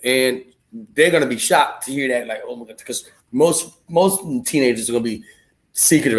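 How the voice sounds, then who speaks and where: A young man hosts a casual livestream and talks with his viewers. His delivery is loose and slangy, full of jokes and quick asides. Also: mid-range voice, big pitch swings. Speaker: livestream host.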